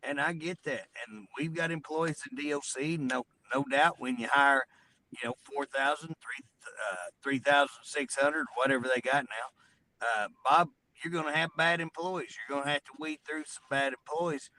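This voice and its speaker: A man's voice: mid-range voice, normal speed, bright, forceful tone, poor audio. A man, co-hosting a casual talk show and telling folksy stories. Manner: folksy storyteller. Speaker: co-host.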